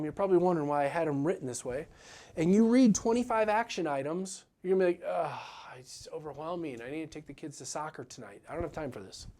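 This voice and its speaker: A man's voice: high voice, a little mellow. A man giving a motivational business talk as a practice coach, earnest and direct, often acting out what his clients say.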